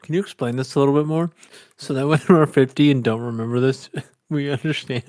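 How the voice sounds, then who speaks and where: A man's voice: mid-range voice, brisk, a little mellow. A young man chatting with friends, laughing a lot and asking follow-up questions. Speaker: friend and interviewer. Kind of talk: casual chat among friends.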